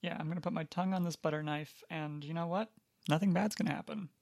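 Speaking at a quick pace, a podcast co-host rambles through a casual chat full of hedges, fillers and asides, delivered with a deadpan streak. The mid-range voice has a gravelly fry, and the close, dry sound has no echo or room around it.

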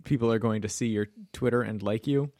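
A podcast co-host with a lowish, fairly even, slightly mellow voice asks wry, prompting questions at a brisk clip during casual chat. The recording is dry and studio-clean.

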